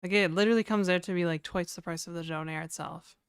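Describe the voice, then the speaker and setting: A woman's voice: fairly low pitch, fairly even intonation, fast, clean tone, no echo, studio quality. A woman from New Brunswick, chatting casually and rambling on a livestream, joking and laughing often. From New Brunswick, Canada.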